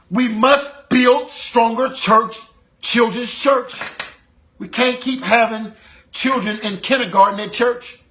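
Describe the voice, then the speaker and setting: A male preacher delivers an impassioned sermon. His voice sits high and rings bright, rising to loud calls and sinking to low, urgent passages. He drives his points home with rhythmic repetition.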